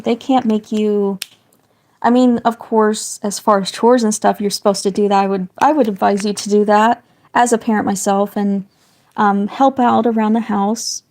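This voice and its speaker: A slightly hoarse woman with a raspy voice, a parent chatting casually and rambling on a livestream while she colours, hedging her words as she goes. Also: medium pitch, darkish tone. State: slightly hoarse, getting sick. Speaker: livestreaming artist.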